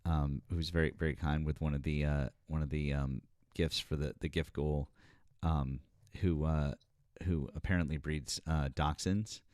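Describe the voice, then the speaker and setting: A man hosting a casual live stream chat, talking haltingly with many fillers and restarts. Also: a bass voice, fairly even intonation, darkish tone, no room sound, studio quality.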